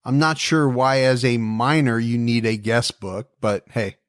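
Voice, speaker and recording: A man's voice: mid-range voice, fairly even intonation, measured pace. A man co-hosting a true-crime podcast, telling the case in a casual, joking, conversational way. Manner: jokey, conversational storytelling with asides. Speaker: podcast co-host.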